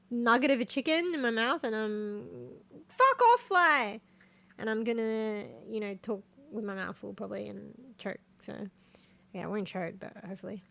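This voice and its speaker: A woman's voice: a little high, gravelly. A young woman streaming as a VTuber, chatting casually while eating, swearing freely and laughing often. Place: home room with a fan.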